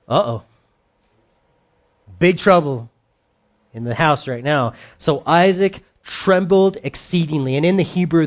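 A middle-aged man preaching a sermon, reading scripture aloud and acting out the speakers with dramatic voices. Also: fairly high pitch. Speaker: pastor.

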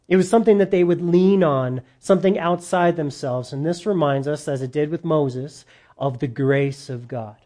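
Animated preacher man, mellow tone. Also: mid-range voice. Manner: animated, rising loud on points. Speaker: pastor. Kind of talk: sermon.

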